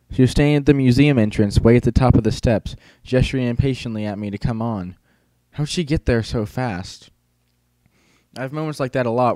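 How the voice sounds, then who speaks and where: A man's voice: mid-range voice, warm tone, no echo. A man narrating an audiobook in the first person, with a casual, wry, teenage-boy storytelling manner.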